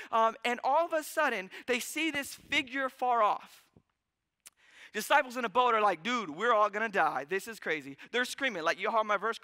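A man's voice: high voice, sharp tone, smooth. A male pastor preaching in a church, casual and joking, with lots of conversational asides. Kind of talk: sermon. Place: church sanctuary. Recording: long church hall reverb.

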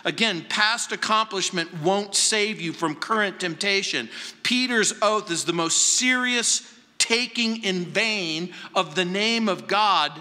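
High, bright-voiced pastor in a reverberant hall. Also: male voice. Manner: deliberate, dramatic pauses and emphatic repetition. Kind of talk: verse-by-verse sermon. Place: large church sanctuary. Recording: long reverb from a large hall.

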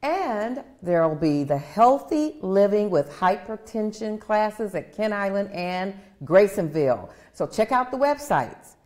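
A woman's voice: medium pitch, animated, unhurried, hardly any pauses, darkish tone. A woman co-hosting a live local TV show, cheerful and chatty as she lists upcoming events. Her voice sits in a middle range but moves expressively. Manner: cheerful, laughing, reading event listings. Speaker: co-host of a county TV live show. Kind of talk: casual live show chat.

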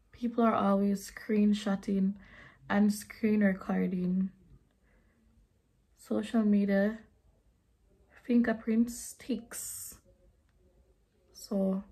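A woman's voice: medium pitch, warm tone, slightly rough. A young woman chatting bluntly while doing her makeup, slipping into patois now and then. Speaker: beauty vlogger.

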